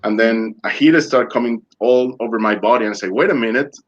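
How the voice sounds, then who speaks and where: A man's voice: lowish voice, brisk, dull audio. A man being interviewed online, telling his own story in non-native English and acting out other people's words. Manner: animated, acts out dialogue in other voices. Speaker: interview guest. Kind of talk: personal storytelling.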